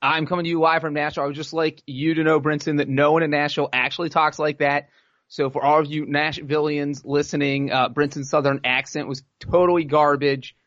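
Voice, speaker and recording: A man's voice: fairly high pitch, level tone, a little fast, a bit bright, no echo. Dry-witted man on a muffled line. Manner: dry teasing humor. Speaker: podcast co-host. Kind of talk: casual sports podcast chat.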